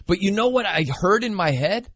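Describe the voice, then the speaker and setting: A man hosting casual sports talk, animated and joking, rambling with asides. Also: high voice, brisk, no echo.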